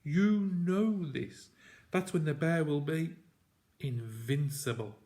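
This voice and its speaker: A man reading a storybook aloud, voicing a dying hunter father who speaks gravely in short, breathless phrases. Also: on the high side, slow, dark tone, voice pushed up. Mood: urgent.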